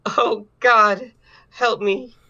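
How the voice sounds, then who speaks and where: A man voicing a panicked teenage girl at a party, reading her lines loudly and shrilly. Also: high-pitched, big pitch swings, normal speed, highs cut off, heavily acted. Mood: screaming.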